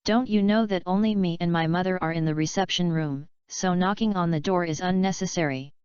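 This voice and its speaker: A playful young wife teasing her husband, as a woman narrator reads her. The voice is very smooth and a touch low, with no real character voice put on. The recording is dry with no room sound. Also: fairly quick, a little mellow, no echo, muffled recording, lightly acted.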